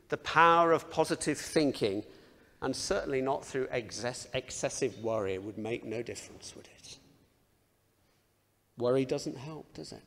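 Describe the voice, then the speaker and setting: A man delivers a sermon with a somewhat high, gravelly voice, keeping it conversational and self-deprecating. He leans on rhetorical questions to draw the listeners in. His words ring out with the long reverb of a large hall. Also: a bit bright. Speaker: preacher.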